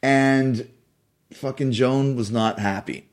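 A man from Canada, a podcast guest telling stories in lively casual chat and swearing freely. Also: mid-range voice, slow pace. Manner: animated storyteller, swears freely.

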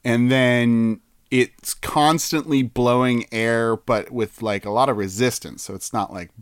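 A man's voice: mid-range voice, fairly even intonation, unhurried, clean tone, dry recording, clean studio sound. A man co-hosting a casual chat, goofy and playful and laughing often. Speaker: podcast co-host.

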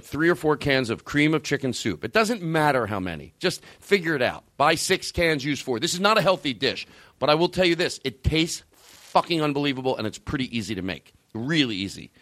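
A man hosting a comedy talk show, rambling and excitable with plenty of swearing. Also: mid-range voice, a little fast, no echo. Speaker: host.

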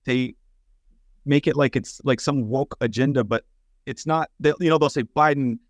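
A man from Texas co-hosting a casual political chat, explaining things in a plain-spoken, steady way with fillers. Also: mid-range voice, moderate pace, no echo, clean studio sound.

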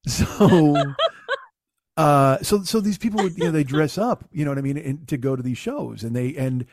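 A fairly high-voiced man spins rambling, profane anecdotes in casual podcast chat, jumping into shouted impressions of other people. The sound is dry and close, with no room around it. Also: measured pace, pauses often, dry recording. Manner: profane, animated storyteller who mimics people. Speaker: podcast co-host.

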